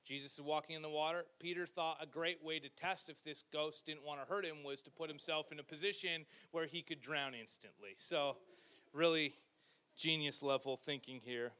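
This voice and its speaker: A male pastor delivering a sermon from a church stage, his voice bright and forceful. He sits a little high for a man and tells the scripture story with energy, breaking off for wry, joking asides. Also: steady tone, normal speed.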